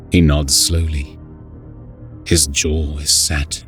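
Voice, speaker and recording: A man's voice: sits low, takes it slowly, long pauses, fairly bright tone, slightly rough, soft background music. A man narrating a grim first-person war story in a grave, intense voice.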